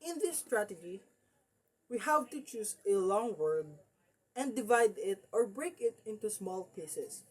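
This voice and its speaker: A woman's voice: medium pitch, very animated, measured pace, a little mellow, breathy edge. A woman presenting a lesson strategy, repeating example words after breaking them into parts.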